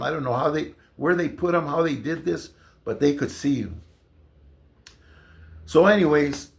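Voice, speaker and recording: A man casually telling a long personal story, loose and conversational with lots of fillers and restarts. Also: fairly high pitch. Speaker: storyteller recounting jail experiences.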